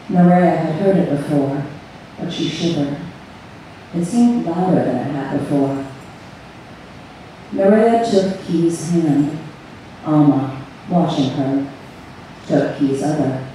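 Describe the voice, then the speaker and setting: A woman reads her own story aloud at a live event, slow and measured. Her voice is mellow and reaches the camera from far off, wrapped in heavy room echo. A faint hum sits beneath it. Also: deep voice. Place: event room on a cruise ship. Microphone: far audience camera. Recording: echoey hall recorded from far off.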